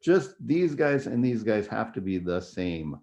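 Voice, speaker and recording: A man's voice: on the low side, big pitch swings, a little slow, a little mellow. A man teaching a music theory review lecture in a conversational, explanatory way, often checking in with "right?" and "okay?".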